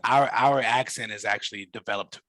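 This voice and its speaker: A man's voice: fairly low pitch, brisk, fairly bright tone, no room sound. A man from Georgia in the US, co-hosting a casual review chat, explaining lore with eager, nerdy enthusiasm and frequent restarts. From Georgia, USA. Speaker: co-host, reviewer.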